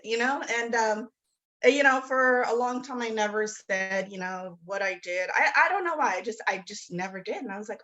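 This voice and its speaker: A woman's voice: medium pitch, lively intonation, fairly quick, a bit bright, low-quality recording. A woman author being interviewed, talking in a rambling, self-deprecating way with lots of fillers and restarts. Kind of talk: casual interview chat.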